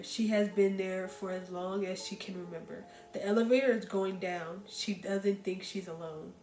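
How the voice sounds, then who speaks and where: A woman talks animatedly about books she loves, addressing her viewers directly. Her voice bounces around a roomy, echoey space, with soft music playing faintly underneath. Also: medium pitch. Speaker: book reviewer. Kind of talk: casual book recommendation chat.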